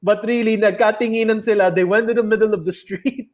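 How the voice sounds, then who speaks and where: A man's voice: high-pitched, steady tone, brisk, a little mellow. A young man with a Filipino accent telling rambling, swear-laced anecdotes in a casual chat, switching between English and Tagalog.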